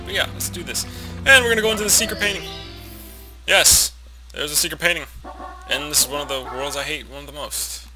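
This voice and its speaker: Young guy w a nasal voice rambling + cursing thru gameplay, game music blaring behind. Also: medium pitch. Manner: rambling, swearing, self-mocking asides. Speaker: let's play commentator. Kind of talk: casual gameplay commentary.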